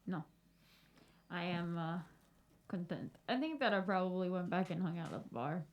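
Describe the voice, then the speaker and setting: A woman playing a tabletop game, chatting in an unhurried, easygoing way. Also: on the low side, dull audio. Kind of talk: casual play chat.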